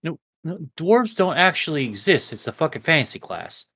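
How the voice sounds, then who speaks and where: A man co-hosting a casual podcast, rambling and swearing a lot, a little high as he talks. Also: very animated, normal speed, sharp tone. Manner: rambling, profane, restarts a lot. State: a bit high. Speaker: podcast co-host. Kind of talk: casual chat.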